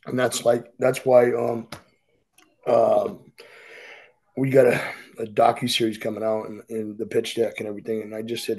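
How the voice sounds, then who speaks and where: A man's voice: mid-range voice, little pitch movement, moderate pace, a little mellow, husky, rough recording. A middle-aged man, speaking as a podcast guest and telling his story bluntly and profanely. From Boston. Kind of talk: candid storytelling interview.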